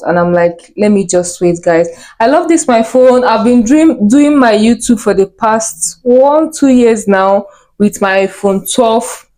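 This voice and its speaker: A woman's voice: mid-range voice, mellow, rough recording. A young woman vlogging to camera at home, chatting casually in a hyper, giggly way. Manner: chatty, hyper, laughs easily. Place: at home indoors.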